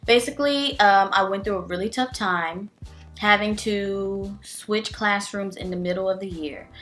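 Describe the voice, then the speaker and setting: A woman's voice: medium pitch, measured pace, a bit bright, soft background music. A young adult woman, a teacher and vlogger, talking candidly and emotionally in a casual vlog, with many fillers. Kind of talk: casual vlog life update.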